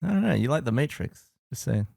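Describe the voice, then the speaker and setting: A man's voice: mid-range voice, sing-song, quick pace, creaky, dark tone, no room sound, studio quality. A British man co-hosting a podcast in casual chat, dropping wry, laughing interjections. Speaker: podcast co-host.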